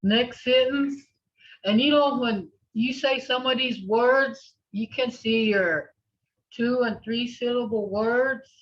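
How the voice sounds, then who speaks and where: A woman's voice: on the high side, slow, slight background noise. A woman teaching a language class over a video call, patiently repeating words for her students to echo. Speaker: language instructor. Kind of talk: online language lesson. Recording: dull lo-fi video call audio.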